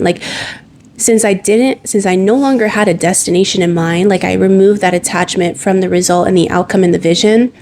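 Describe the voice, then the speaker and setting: A woman's voice: mid-range voice, brisk, a little mellow, slight background noise. A young adult woman narrating her own story in a candid, conversational way, often using "like" as a filler.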